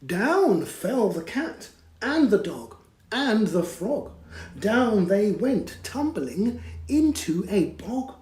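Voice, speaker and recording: A man reading a picture book aloud to children, animated, inviting them to join in and dropping to whispers. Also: high voice, takes it slowly, echoey room, low-quality recording. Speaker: children's storyteller. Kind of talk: read-aloud storytime for children.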